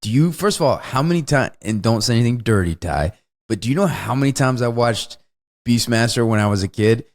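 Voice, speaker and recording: A man's voice: medium pitch, expressive, fairly quick. A man co-hosting a podcast in casual chat, rambling loosely and swearing freely. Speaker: podcast co-host.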